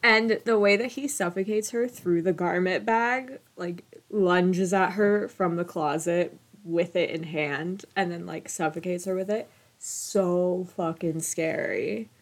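A woman's voice: on the low side, takes it slowly. Enthusiastic young woman podcast co-host. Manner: enthusiastic, emphatic, slangy. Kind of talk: casual chat.

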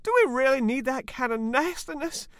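A man's voice: very high-pitched, moderate pace, fairly bright tone, dry recording, studio quality, pitched above the performer's own voice. A man playing an eager, folksy, old-fashioned angel-like helper in a put-on accent in a comedy sketch.

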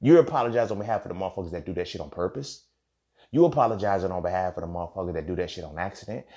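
A man's voice: low voice, very fast, dark tone, muffled recording. A young man hosting his own podcast, talking bluntly and with plenty of profanity. He repeats lines for emphasis and keeps checking in with "you feel me.". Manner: frequent "you feel me" asides. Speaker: podcast host. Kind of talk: candid solo podcast monologue.

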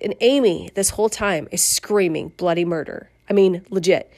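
A middle-aged woman casually telling a personal memoir, animated, swearing and laughing as she goes. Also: mid-range voice, moderate pace, few pauses. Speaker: storyteller.

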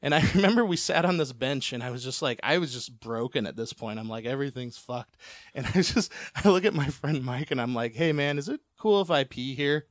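A man's voice: medium pitch, expressive, fairly quick, no room sound, clean studio sound. A man telling a long, rambling personal story as a podcast guest, laughing often and swearing freely.

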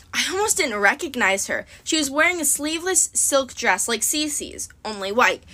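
A woman narrating a story in the first person, expressive and dramatic. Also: a little high. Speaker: audiobook narrator.

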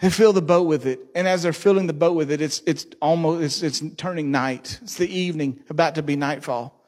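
A man's voice: a little high, fairly quick, darkish tone. A male pastor preaching a sermon, joking and asking the congregation questions. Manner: jokey, asks the congregation questions.

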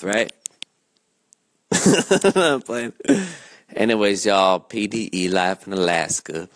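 Laid-back slangy hip-hop host. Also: male voice, on the low side, fairly bright tone, dry recording. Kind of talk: casual hip-hop chat and freestyle.

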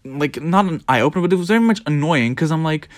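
A man's voice: quick pace, dry recording, studio quality. A young man from the Netherlands with a Dutch accent, rambling casually and profanely as a podcast host, his native language being Dutch. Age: young adult. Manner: animated, profane, mimics others in squeaky voices.

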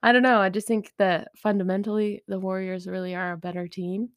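A woman's voice: mid-range voice, level tone, a little fast, no echo, studio quality. A woman co-hosting a podcast in casual chat, laid-back and laughing easily. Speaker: podcast co-host.

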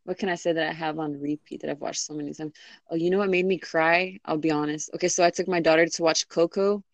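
A woman's voice: low voice, steady tone, fast, no room sound. A young woman in casual chat, rambling with lots of fillers and restarts. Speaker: interviewee.

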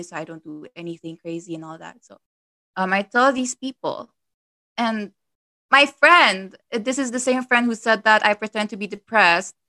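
Young woman guest, candid and hesitant, bright voice in a dry, close sound. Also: medium pitch, no room sound. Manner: halting, hesitant, many fillers. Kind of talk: candid personal storytelling.

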